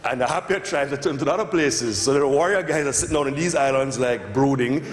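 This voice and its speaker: Animated Jamaican man in a reverberant hall. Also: medium pitch, brisk, a little hiss or hum. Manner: animated, acts out voices, frequent "you know what I mean". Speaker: music producer guest. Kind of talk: lecture interview, casual storytelling. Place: lecture hall. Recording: long hall reverb, faint room ambience.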